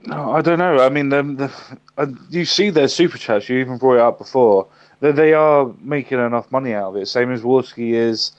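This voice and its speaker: A man's voice: mid-range voice, a little fast. British man in muffled stream audio. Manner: laughing, teasing banter. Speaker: livestream co-host. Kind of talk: casual chat.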